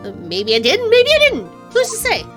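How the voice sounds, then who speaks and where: A woman voicing a nasal, whiny young man on trial in a game, talking high and rambling. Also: wildly swooping pitch, brisk, fairly bright tone, soft background music, heavily acted. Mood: panicky. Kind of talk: game voice-over.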